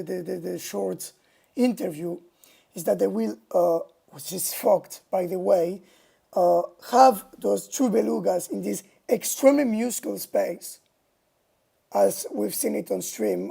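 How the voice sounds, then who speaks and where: A man streaming a casual monologue, talking in a halting, indignant way from a home mic setup. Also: high-pitched, creaky, warm tone, slightly rough. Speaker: livestreamer.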